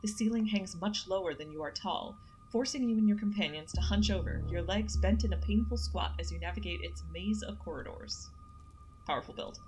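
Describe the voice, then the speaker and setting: A young woman streamer reading a horror visual novel's narration aloud in a steady way. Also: medium pitch, brisk, faint music behind, poor audio.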